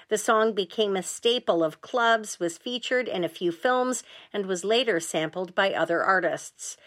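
A woman news anchor reading a radio newscast in a measured, even delivery. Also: medium pitch.

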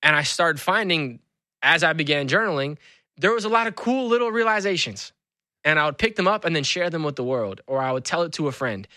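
A man's voice: fairly high pitch, brisk, no room sound, studio quality. A man who is an author and school speaker, telling stories animatedly as an interview guest. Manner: animated storyteller. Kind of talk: conversational interview.

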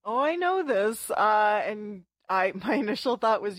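A woman's voice: mid-range voice, animated, a little slow, hardly any pauses, no echo. Frank female radio co-host. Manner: candid, laughing, firm in disagreement. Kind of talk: radio talk show banter.

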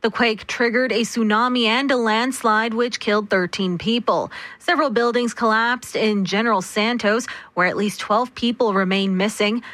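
Bright-voiced woman reading radio news. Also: a little high, dry recording. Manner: brisk, measured news delivery. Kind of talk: read newscast. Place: radio studio. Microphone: close studio mic.

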